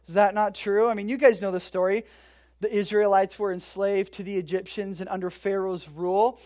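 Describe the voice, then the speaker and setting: A pastor giving a casual, joking sermon, retelling a bible story with loud bursts and quiet asides. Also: medium pitch, steady tone, a little fast. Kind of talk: conversational sermon.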